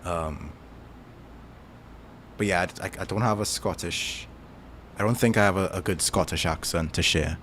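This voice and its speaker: Low-voiced Trinidadian man chatting casually. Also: moderate pace, long pauses, fairly bright tone, a little hiss or hum. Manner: rambling, thinks aloud with many fillers. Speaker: streamer answering chat. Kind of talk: casual chat.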